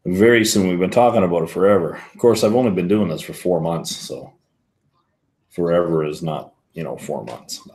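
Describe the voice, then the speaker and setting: A man's voice: low voice, normal speed, darkish tone. A man hosting a whisky livestream, rambling casually and answering viewer comments as he reads them. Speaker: whisky show host.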